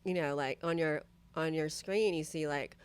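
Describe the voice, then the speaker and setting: Low-voiced chatty woman telling candid stories. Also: moderate pace, clear, resonant tone. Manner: chatty, full of "like" and "you know what I mean"; animated, voices other people in quotes. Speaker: podcast guest. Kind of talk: casual chat, candid storytelling.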